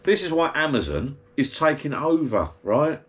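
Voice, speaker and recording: A man's voice: fairly high pitch, big pitch swings, moderate pace. A man, rambling and grumbling in a casual monologue from his backyard garden bar. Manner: chatty, grumbling rant. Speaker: vlogger.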